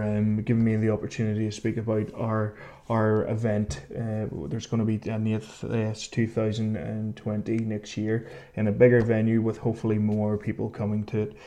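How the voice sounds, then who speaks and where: Male event organizer, low and flat delivery, halting. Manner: hesitant, lots of ums and restarts. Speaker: tournament organizer. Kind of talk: recorded thank-you message.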